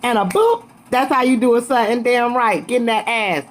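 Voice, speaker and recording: A woman's voice: on the high side, moderate pace. A young woman recapping a reality show in a casual video review, talking in a sassy, emphatic way and calling listeners honey and girl.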